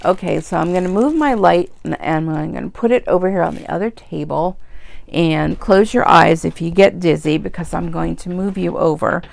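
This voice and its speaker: A woman's voice: lowish voice, normal speed, vocal fry. A middle-aged woman hosting an embroidery video, talking in a rambling, chatty way while she works. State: tearful at times. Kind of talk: casual chat while crafting.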